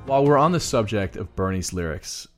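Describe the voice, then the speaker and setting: A man co-hosting a music podcast, talking earnestly and deliberately, reading lyrics aloud. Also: fairly low pitch, expressive. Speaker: podcast co-host. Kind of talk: casual music podcast chat.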